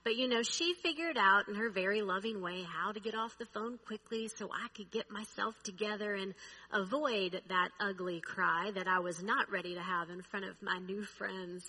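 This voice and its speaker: A woman preaching, telling a personal story in a slow, reflective way. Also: mid-range voice, pushed and bright, slightly rough, poor audio.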